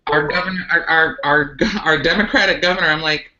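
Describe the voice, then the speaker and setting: A woman's voice: deep voice, fairly even intonation, a little fast, sharp tone. A woman, a transgender activist, answering questions earnestly in a live online talk, with many ums and restarts. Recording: muffled lo-fi livestream audio.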